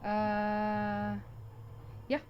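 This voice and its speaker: A woman's voice: mid-range voice, completely flat delivery, lo-fi sound, faint music behind. A woman playing a tabletop game, speaking hesitantly with many fillers. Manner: slow and hesitant, many ums. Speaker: player. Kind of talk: casual game table talk.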